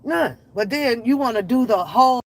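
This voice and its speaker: A woman's voice: on the high side, expressive, normal speed, low-quality recording. Blunt, profane woman ranting. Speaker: reaction channel host. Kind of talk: unscripted commentary rant. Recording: faint background noise.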